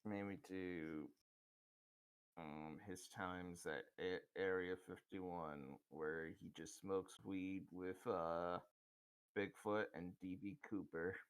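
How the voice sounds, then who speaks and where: Brief: young man, slow unhurried delivery, casual swearing. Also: low-pitched, fairly even intonation, clear, resonant tone. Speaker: co-host friend. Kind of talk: casual chat on stream.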